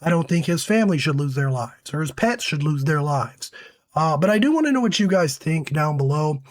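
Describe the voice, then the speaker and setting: A man talking casually to his viewers in a commentary, his voice hoarse as he gets over an illness. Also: a little high, lively intonation, brisk, no echo. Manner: conversational, uses fillers like "right?". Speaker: commentary host.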